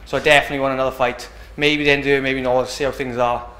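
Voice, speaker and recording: Fast-talking young British fighter, flat voice. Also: male voice, medium pitch, echoey room. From Britain. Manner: rambling, casual, keeps asking "do you know what I mean". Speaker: MMA fighter. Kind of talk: post-fight interview.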